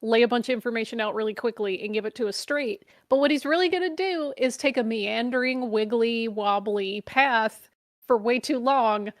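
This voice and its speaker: A woman's voice: on the high side, moderate pace. A woman co-hosting a casual reaction chat, chatty and teasing. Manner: teasing, chatty, laughs easily. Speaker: co-host reacting to a video.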